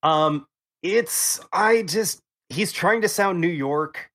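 Casual male podcast host, halting. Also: high-pitched, fairly bright tone. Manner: hesitant, lots of ums, teasing. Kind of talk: casual gaming news chat.

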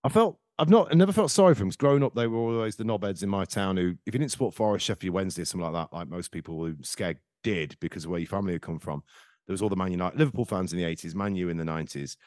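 A man's voice: low voice, very fast, darkish tone, no echo, studio quality. A man hosting a casual football podcast, telling rambling, jokey anecdotes. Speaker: podcast host.

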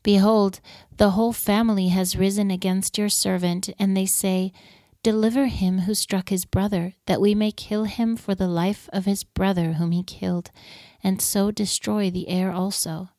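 A woman giving a measured, steady scripture reading. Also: medium pitch, no room sound, studio quality. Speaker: scripture reader.

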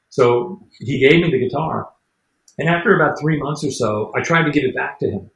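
A man telling casual stories as an interview guest, rambling and animated, acting out what people said. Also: mid-range voice, normal speed, vocal fry, echoey room, rough recording. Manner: rambling, animated storyteller who acts out the quotes. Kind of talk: casual storytelling.

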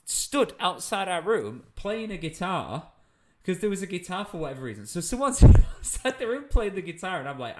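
A man's voice: high voice, big pitch swings, moderate pace, noisy background. A young British man, a comedian, telling a funny anecdote in casual chat, laughing as he goes. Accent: British English. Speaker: comedian guest.

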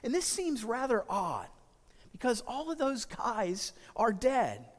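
A man preaching a sermon as pastor, earnest and emphatic, slowing down to stress key phrases. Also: very high-pitched, huge pitch swings, in a large hall.

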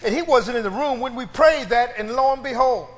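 A man's voice: very high-pitched, brisk. A man preaching a sermon, stretching out his phrases for emphasis and calling on the congregation to respond. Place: church. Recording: reverberant church hall.

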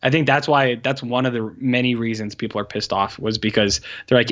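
A man's voice: medium pitch, fairly even intonation, a little fast, few pauses, a bit bright, lo-fi sound. A man co-hosting a podcast, chatting casually about film news with many fillers and playful asides. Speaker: podcast co-host. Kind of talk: casual chat.

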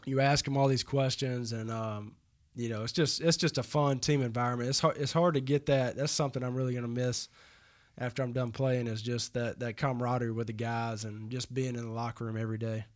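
A man who is a guest on a podcast, telling animated stories with many fillers and restarts. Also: medium pitch, a little fast. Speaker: guest, professional baseball player. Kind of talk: casual storytelling in an interview.

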